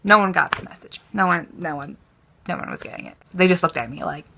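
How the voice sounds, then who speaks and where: A young woman vlogger telling a story to camera in a casual, animated way, swearing a lot and acting out her own panic. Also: on the low side, fairly quick, creaky.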